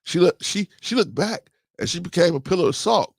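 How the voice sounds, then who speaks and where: A man's voice: very animated, fairly quick, gravelly, husky, dry recording, studio quality. A man casually reading and joking through scripture as host, laughing often and preaching in bursts. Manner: preachy storytelling with sudden pitch jumps. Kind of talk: casual comic Bible commentary.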